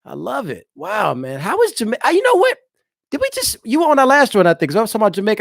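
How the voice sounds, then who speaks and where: An eastern US married dad hosts a loose, casual livestream from his house, addressing viewers directly. His voice is very high-pitched and fast, with huge pitch swings and vocal fry, in a dry recording.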